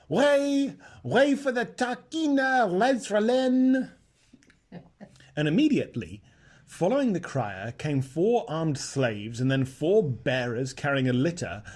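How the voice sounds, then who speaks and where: A man narrating a children's novel aloud in an expressive storytelling manner. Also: medium pitch, husky. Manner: expressive storytelling with lively shifts. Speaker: audiobook narrator.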